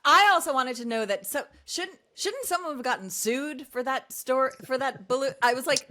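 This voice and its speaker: A woman's voice: high voice, normal speed, few pauses, bright, forceful tone. A woman co-hosting a podcast, chatting casually in a giggly, agreeable way. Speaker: podcast co-host. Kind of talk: casual recap chat.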